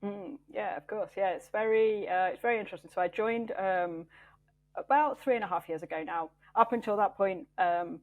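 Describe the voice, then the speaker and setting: A woman's voice: mid-range voice, normal speed. Thoughtful woman engineering manager, interview guest. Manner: thoughtful, with many fillers and restarts. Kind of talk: interview conversation.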